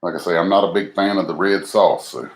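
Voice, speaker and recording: A man's voice: low voice, fairly even intonation, a little fast. A man hosting a live cooking stream, chatting casually and poking fun at himself as he talks to viewers. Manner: folksy, self-deprecating, talks to viewers as he cooks. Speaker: cooking livestream host. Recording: noisy home recording.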